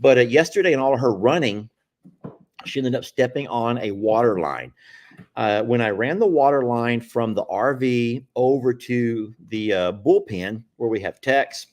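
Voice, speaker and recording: A man's voice: medium pitch, animated, measured pace. Folksy man rambling on a live stream. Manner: folksy, rambling, chuckles often. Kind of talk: casual live-stream chat.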